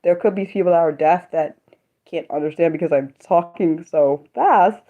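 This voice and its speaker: A young woman chatting casually on her own livestream, talking fast and rambling, breaking off and restarting her sentences. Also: fairly low pitch. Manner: fast, rambling, self-interrupting talk. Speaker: livestream host sharing poetry. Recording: dull lo-fi sound.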